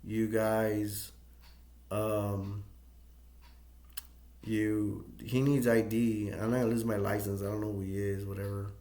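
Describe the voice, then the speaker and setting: A man's voice: fairly low pitch, little pitch movement, takes it slowly, pauses often, warm tone. A man voicing a fussy male bartender who worries about his license and then shrugs things off, in an echoey room. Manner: hesitant, dismissive.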